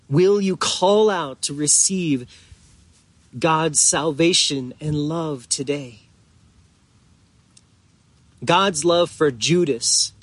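Male pastor, sermon delivery, unhurried and earnest, a touch higher-pitched. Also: dry recording. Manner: slow, earnest preaching with drawn-out emphatic pauses.

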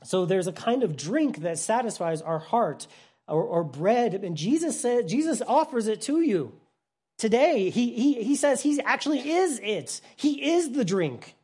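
Preacher swinging between loud and hushed. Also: mid-range voice, big pitch swings, measured pace, husky. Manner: dramatic swings from loud emphasis to hushed softness; plain, simple explanations with frequent restarts. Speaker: Bible teacher. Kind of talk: Bible teaching sermon.

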